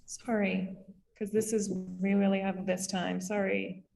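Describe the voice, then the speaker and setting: A woman with a Canadian accent gives a casual summit talk over a video call, with quick asides and lots of fillers. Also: medium pitch, flat delivery, gravelly, warm tone, long reverb tail, soft background music. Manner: chatty, rapid asides, frequent fillers. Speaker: summit speaker on short-term rentals. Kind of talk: casual presentation.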